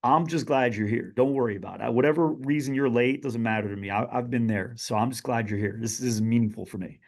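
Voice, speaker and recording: Animated male storyteller on a podcast. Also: medium pitch, fast. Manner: animated storyteller who addresses his listeners directly. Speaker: guest, business author.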